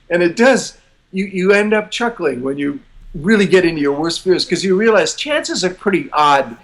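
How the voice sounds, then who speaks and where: An older American man talks as a guest in a casual interview, his voice sitting somewhat high for a man. He tells his story with a self-deprecating chuckle and slips into voicing his own inner thoughts. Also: expressive, moderate pace.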